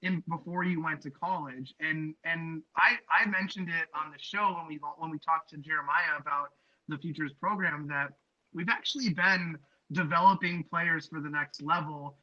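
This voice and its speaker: A man's voice: fairly high pitch, steady tone, moderate pace, dry recording. A man hosting a podcast, asking long, rambling questions full of ums and restarts. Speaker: podcast host. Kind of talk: casual interview chat. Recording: dry, dull lo-fi podcast audio.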